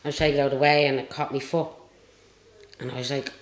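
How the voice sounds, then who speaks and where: A woman's voice: sits low, fast. An Irish woman and retired jockey telling stories in a casual interview, rambling and chatty with lots of fillers. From Ireland. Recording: roomy echo.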